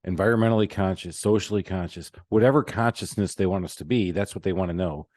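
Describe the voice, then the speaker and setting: A man hosting a podcast, chatting casually with jokes at his own expense in quick run-on bursts. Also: low-pitched, darkish tone, no room sound, clean studio sound. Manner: joking, self-mocking, talks in quick run-on bursts. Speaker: podcast host.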